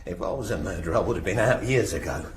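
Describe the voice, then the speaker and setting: An actor playing a British older man freed after many years in prison, telling his story in a halting, bitter way with a husky voice in a radio drama. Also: low voice, expressive, slight background noise. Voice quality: gravelly, husky.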